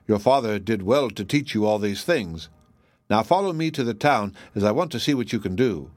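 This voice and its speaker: A man's voice: fairly low pitch, lively intonation, normal speed, darkish tone, no room sound, natural voice. A man voicing a stern, commanding king in a storybook reading, given to abrupt outbursts. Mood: regal.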